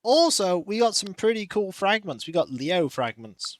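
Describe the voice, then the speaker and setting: Brief: easygoing male streamer, slightly high voice, slow and rambling, dry close sound. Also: big pitch swings, no room sound. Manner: chatty, rambling, greets chat by name, coos softly to his cat. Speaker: game streamer. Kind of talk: casual stream chat. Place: warm room at home.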